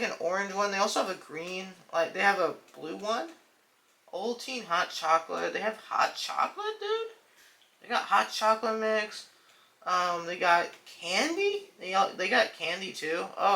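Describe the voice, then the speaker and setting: A man's voice: sits high, lively intonation, normal speed, creaky, pushed and bright. A young man hosting a casual reaction video, rambling with lots of fillers and calling the viewers "dude" and "guys". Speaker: video host.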